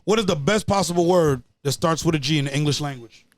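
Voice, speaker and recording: A man's voice: a little high, quick pace, no echo. A man, a rapper guest on a podcast, talking in slangy casual chat with laughing asides.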